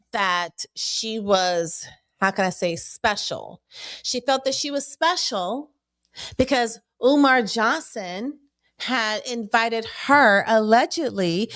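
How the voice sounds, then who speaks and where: A woman's voice: medium pitch, a bit bright, no room sound, studio quality. A woman hosting a show, commenting on a played clip in an explanatory, hedging way. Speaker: commentator host.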